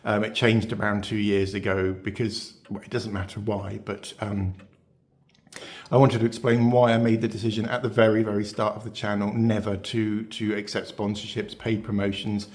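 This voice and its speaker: A man's voice: lowish voice, flat delivery, moderate pace, a little mellow. A man hosting his beauty channel, talking casually to viewers with lots of fillers, restarts and rhetorical questions. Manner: chatty, rambling, many fillers and restarts. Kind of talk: casual talk to camera.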